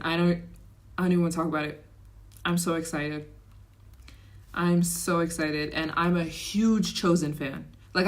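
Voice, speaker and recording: A young woman with a somewhat low voice, talking casually on her own livestream. She chats and reacts to comments as they come in, getting excited and animated. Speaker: livestream host.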